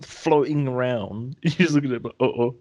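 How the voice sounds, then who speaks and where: A man's voice: medium pitch, moderate pace, a little mellow, no echo. A young man co-hosting a podcast, laughing and adding short jokes to a friend's story. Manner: laughing side comments. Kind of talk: casual chat.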